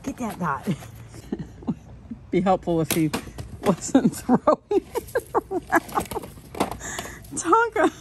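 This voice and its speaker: A woman in her thirties filming her dogs at home, animated and laughing often as she coaches children. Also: medium pitch, slow, pauses often. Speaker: dog owner filming her pets. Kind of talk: casual home video narration. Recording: noisy home video recording.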